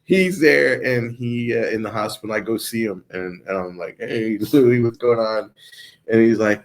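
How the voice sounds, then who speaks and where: A man, a comedian, telling stories in a casual comedy chat, animated and laughing through his lines. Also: on the low side, moderate pace.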